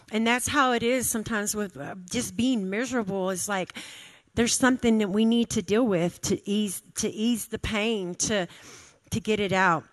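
A woman's voice: on the high side, fairly bright tone. A woman in her thirties giving an informal sermon, conversational, repeating phrases for emphasis. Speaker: church speaker.

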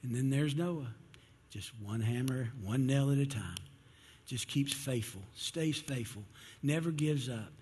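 A man's voice: medium pitch, unhurried, darkish tone, breathy edge, big-room sound. A man preaching a sermon in church, telling a story and acting out its characters. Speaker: pastor.

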